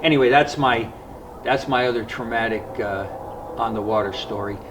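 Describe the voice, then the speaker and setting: A man's voice: medium pitch, noisy background. Man telling a story from a distance. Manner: earnest, reflective, often pausing to regather his thoughts. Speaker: fishing vlogger. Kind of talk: personal storytelling to camera.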